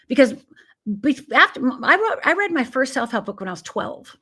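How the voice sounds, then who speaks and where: Bright and forceful, her fairly high voice is expressive yet measured in pace. She's a guest life coach from Upper Michigan, USA, relating her personal story in an interview and acting out the voices of the people in it with vivid storytelling.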